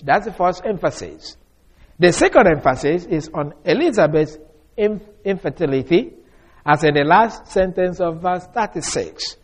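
A man's voice: high voice, animated, moderate pace, slightly rough. Emphatic male Bible teacher, dynamic delivery. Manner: emphatic, stretches key words, swings from loud to soft; repeats and restarts phrases. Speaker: preacher.

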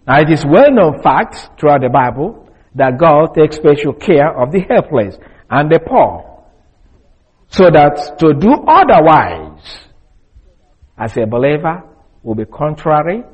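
A man teaching from the Bible in a deliberate, explanatory way, pausing often with small fillers. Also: on the high side, darkish tone, husky, poor audio.

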